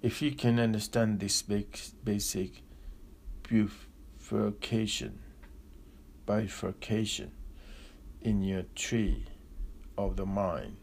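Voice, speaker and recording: A man giving a slow, deliberate philosophical discourse with long pauses, like a spiritual teacher. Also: lowish voice, a little mellow, a little hiss or hum.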